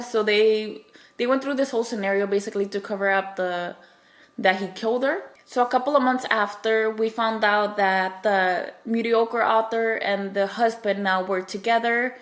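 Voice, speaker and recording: With a fairly high, steady voice at moderate pace, a woman reviews a book by casually recapping its plot, spoilers included. She rambles, filling in with restarts and filler words, and acts out the characters' quoted lines.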